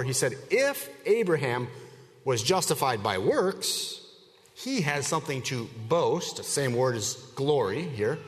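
A man preaching an expository sermon to his congregation, measured and emphatic, leaning hard on key words. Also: mid-range voice. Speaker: pastor. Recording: long reverb of a hall.

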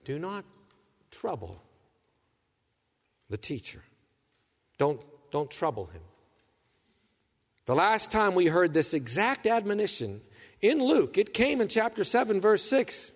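A man's voice: high-pitched, very animated, unhurried, in a large hall. A man preaching a sermon, reading scripture and voicing anguished questions with earnest intensity. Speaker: pastor.

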